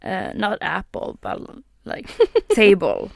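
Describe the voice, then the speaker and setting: A young Swedish woman co-hosting a casual podcast in halting, giggly English with a Swedish accent. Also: medium pitch, huge pitch swings, gravelly, darkish tone, dry recording, clean studio sound. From Sweden. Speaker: podcast co-host. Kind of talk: casual chat.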